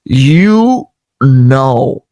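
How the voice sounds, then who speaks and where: A man giving heartfelt, unhurried testimony. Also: mid-range voice, sing-song, dark tone, dry recording. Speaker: near-death experience witness. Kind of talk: earnest testimony.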